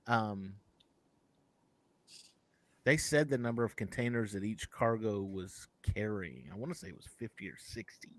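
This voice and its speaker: A man co-hosting a casual live show, talking in an animated, rambling way and often correcting himself mid-sentence. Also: on the low side, normal speed, long pauses, no echo. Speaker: podcast co-host.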